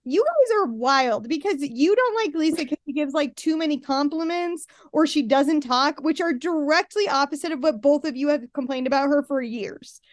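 A woman's voice: high voice, animated, moderate pace, hardly any pauses, no room sound, clean studio sound. A woman co-hosting a podcast, chatting casually and sarcastically, often acting out quotes. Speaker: podcast co-host. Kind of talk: casual chat recapping a reality show.

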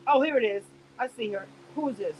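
A woman with a high voice chats through a live stream. She rambles, laughs often and reads her viewers' comments aloud. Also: a little fast, slight background noise. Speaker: YouTube live host reacting to a reality show cast. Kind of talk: casual live-stream chat.

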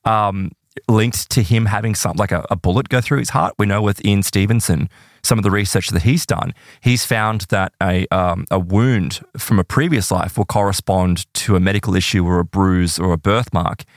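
A man casually telling a case story in conversation, animated and acting out the voices of people he quotes. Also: normal speed, dry recording, studio quality. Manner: animated, acts out quoted voices with big pitch jumps. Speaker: podcast guest telling case stories.

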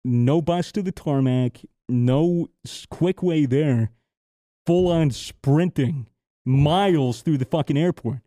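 A young man from the United States hosting a podcast, telling a story in a profane, animated way and acting out the exchanges. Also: fairly high pitch, slow, dry recording, studio quality. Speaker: podcast host. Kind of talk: casual storytelling chat.

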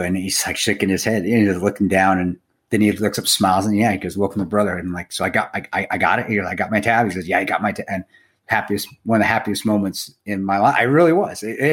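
A low-pitched middle-aged man in casual podcast chat. He tells his stories with animation, swears freely and calls his co-host bro and dude. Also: steady tone, quick pace.

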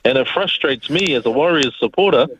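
A man's voice: a little high, lively intonation, a little fast, fairly bright tone. A man with a New Zealand accent calling a sports radio show, ranting in frustration and saying "mate" a lot. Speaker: caller. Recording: dull lo-fi phone audio.

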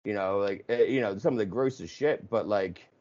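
A man hosting a casual conversation, telling stories in an animated way with swearing and laughs. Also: fairly low pitch, moderate pace, dull audio. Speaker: podcast host.

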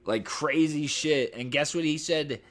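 A man's voice: on the high side, a little slow, a bit bright. A young man co-hosting a casual podcast, laid-back and laughing, swearing freely as he tells stories. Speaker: podcast co-host. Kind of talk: casual chat.

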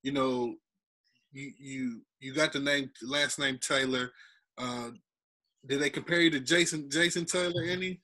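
A man hosting a casual interview, asking halting questions with repeated words. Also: medium pitch, fairly even intonation, pushed and bright, poor audio.

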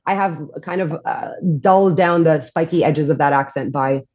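Wry self-mocking woman guest, husky voice. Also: sits low, moderate pace, a little mellow, lo-fi sound. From Montreal, Canada. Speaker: podcast guest. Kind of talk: casual chat.

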